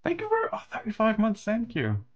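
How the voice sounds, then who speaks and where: A man streams his drawing session, chatting informally, thanking viewers and laughing through his stories. His voice sits high with huge pitch swings and a slightly quick pace, though the audio sounds dull.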